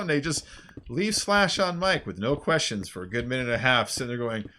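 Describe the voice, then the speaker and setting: A man streaming a game, chatting casually in a rambling, animated way with lots of fillers and laughs. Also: mid-range voice, brisk. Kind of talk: casual chat while playing a game.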